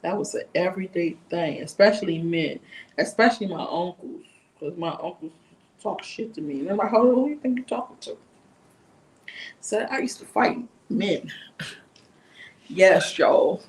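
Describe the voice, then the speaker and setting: Animated, profane D.C. woman. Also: fairly low pitch, a little slow. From Washington, D.C. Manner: animated, profane, acts out quotes. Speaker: livestream host. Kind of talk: casual livestream chat, storytelling.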